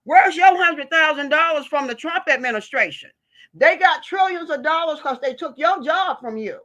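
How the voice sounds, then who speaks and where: A woman's voice: sits high, expressive, normal speed, a bit bright. A woman from the United States, a vlogger delivering an impassioned political rant in a fiery, preachy, emphatic way.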